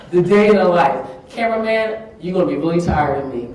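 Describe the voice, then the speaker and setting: A woman's voice: lowish voice, lively intonation, brisk, few pauses, a crowd in the background, background noise. A woman giving an earnest, emotional speech at a summit, with laughing asides, recorded in a large conference room. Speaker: keynote speaker. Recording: echoey hall, mic from far off.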